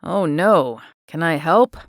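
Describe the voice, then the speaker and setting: A woman narrator voicing a gentle, easygoing young male cowboy in an audiobook, her voice dropped a little lower. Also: slow, no room sound, clean studio sound, full character voice. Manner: gentle, relaxed drawl-free talk. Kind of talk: audiobook character voice.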